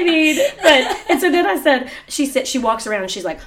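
A woman's voice: sits high, moderate pace, very noisy. A woman telling a story in casual chat, acting out the quotes with lots of laughter. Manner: animated, acts out quotes, laughs often.

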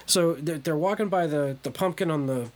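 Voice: mid-range voice, moderate pace, darkish tone. Rambling podcast host recapping a plot. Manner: rambling, heavy use of "like" fillers. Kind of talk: casual chat recapping a movie.

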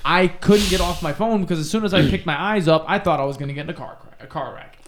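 A young man co-hosting a casual podcast chat, cursing freely and telling animated stories. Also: a little high, quick pace, a little hiss or hum. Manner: profane, animated storytelling. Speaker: podcast co-host.

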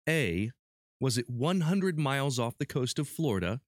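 A man's voice: medium pitch, sing-song, no room sound, clean studio sound. A man hosting a podcast, playfully reading out quiz questions and prizes to his guests. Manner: playful quizmaster, reads questions slowly. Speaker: podcast host running a quiz. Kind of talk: casual podcast chat.

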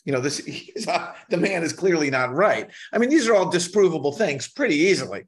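A middle-aged man, a musician guest on a podcast, telling wry, animated anecdotes and acting out what people said to him. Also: a little high, fairly quick. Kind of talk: casual storytelling in a podcast interview.

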